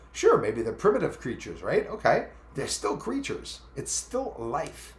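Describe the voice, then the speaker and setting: A Canadian man hosting a live stream, chatting casually in a rambling, animated way and reading out viewer comments. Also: mid-range voice, echoey room. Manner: animated, rambling, talks back to chat.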